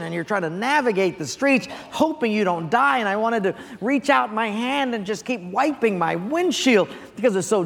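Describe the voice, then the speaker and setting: Man, pastor, sermon, animated storytelling, high voice, echoing church. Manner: animated storytelling, audience questions. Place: church sanctuary. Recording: long church reverb.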